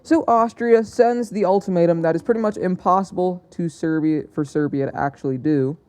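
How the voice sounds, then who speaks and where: A man's voice: sits high, fairly quick, darkish tone, clean tone. A young man narrating an alternate-history map video in a casual, hesitant way, often correcting himself as he goes. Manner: hesitant, self-correcting, chatty.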